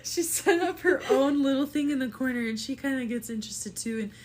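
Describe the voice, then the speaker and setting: A woman's voice: high-pitched, a little fast. A woman narrating a tabletop game as game master, giggly and full of fillers.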